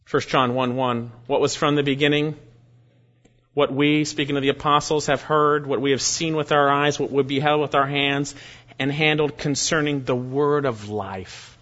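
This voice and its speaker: A man preaching an expository sermon, reading verses aloud with slow, deliberate emphasis. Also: mid-range voice, steady tone, a bit bright. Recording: dull lo-fi recording.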